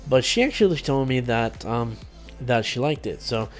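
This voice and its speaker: A man's voice: mid-range voice, animated, moderate pace, soft background music. A man streaming and making game videos, talking in a rambling, loose way with many fillers and restarts. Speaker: gaming YouTuber and streamer. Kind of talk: casual vlog talk to camera.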